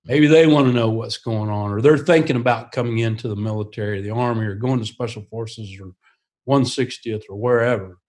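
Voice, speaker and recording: Guy guest on a podcast, earnest, mid pitched voice, laughs as he tells stories. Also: fairly quick, darkish tone. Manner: earnest, laughs often while talking. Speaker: guest, attack helicopter pilot and author. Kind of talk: casual podcast storytelling.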